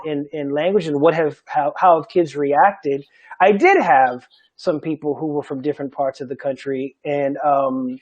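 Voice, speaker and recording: A middle-aged man from Charleston, a Gullah language teacher, speaking emphatically in an animated panel talk and laughing often. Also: on the high side, poor audio. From Charleston, South Carolina.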